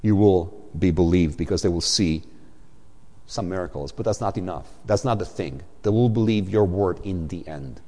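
Preacher doing God: low, grave, commanding male deity, slow and solemn, church-hall reverb. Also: dark tone, close to an everyday voice. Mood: solemn, reassuring.

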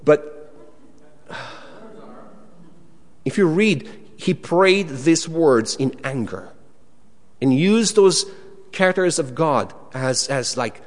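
A man preaching a sermon, animated and dramatic, acting out quoted prayers in a raised voice. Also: a little high, unhurried, long pauses. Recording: long hall reverb.

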